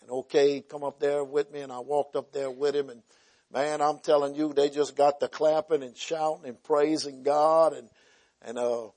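A man preaching, telling revival stories in a folksy way, rising loud then dropping to a hush. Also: a little high, little pitch movement, moderate pace. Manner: folksy, swings from loud preaching to hushed quiet. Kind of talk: sermon testimony storytelling.

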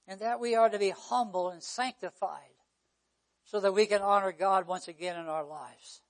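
A man preaching a sermon, swinging from near-shouts down to a hush. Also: sits high, steady tone, normal speed. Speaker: pastor.

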